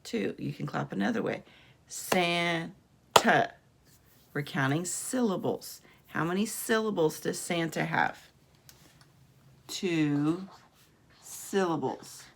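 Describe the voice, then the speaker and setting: A woman teacher leads young children through a phonics lesson, stretching out each letter sound and coaxing them along. She speaks very slowly, in a lowish voice with a gravelly edge. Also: slight background noise. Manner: slow, encouraging, drawn-out sounds for kids.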